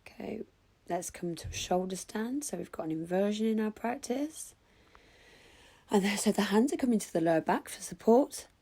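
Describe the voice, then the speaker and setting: A woman guiding a yoga class with calm, slow cues. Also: mid-range voice, husky. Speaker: yoga instructor. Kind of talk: guided yoga instruction.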